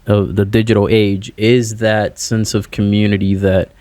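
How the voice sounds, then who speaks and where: A man's voice: lowish voice, little pitch movement, unhurried, darkish tone, dry recording. A man, a musician guest, chatting casually on a podcast over a remote call, rambling and filling his talk with "like" and "you know".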